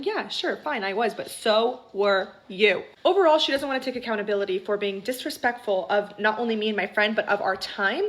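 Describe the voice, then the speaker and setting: A woman's voice: medium pitch, brisk, hardly any pauses, rough recording. A woman vlogger telling a story in a heated, indignant rant, full of "like" fillers.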